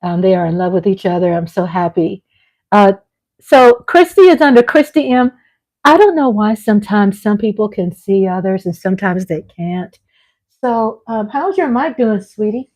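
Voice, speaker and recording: A middle-aged woman hosting her vlog at home, chatting casually with viewers; animated and gushing, laughing often and swinging from loud excitement to soft tenderness. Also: mid-range voice, moderate pace, low-quality recording. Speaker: vlog host. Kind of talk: casual live chat with viewers. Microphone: on a mic at home.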